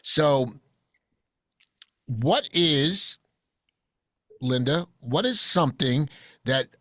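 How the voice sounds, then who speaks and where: A man's voice: a little high, very slow, no echo, clean studio sound. Blunt joking male podcast host. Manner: blunt, animated, jokey storytelling. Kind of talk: casual group chat. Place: recording studio.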